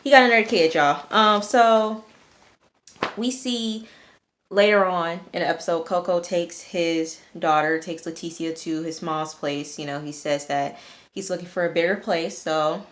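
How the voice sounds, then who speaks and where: A young woman recapping a TV episode for her viewers in a chatty, animated way, full of fillers and blunt cursing. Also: lowish voice, a little slow. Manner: many fillers, outbursts of cursing. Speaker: TV episode reviewer. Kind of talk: casual episode recap to camera.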